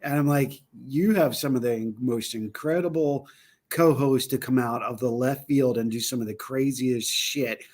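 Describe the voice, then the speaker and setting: A man co-hosting a paranormal talk show, telling funny stories in an animated way and jumping high when he quotes people. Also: moderate pace. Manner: animated storyteller, voice jumps high for quoted shouts. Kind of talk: casual chat.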